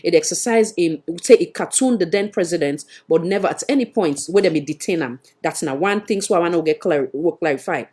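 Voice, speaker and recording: A woman's voice: on the low side, a little fast, few pauses, a little mellow, slightly rough. A woman with a Sierra Leonean accent hosting a live panel discussion, pressing her guest with repeated questions. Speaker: talk show host.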